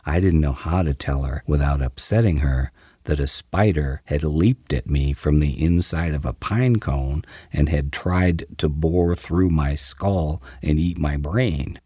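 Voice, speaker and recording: A man narrating a first-person story as an audiobook, measured and dramatic. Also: a bass voice, dark tone, breathy edge, no room sound.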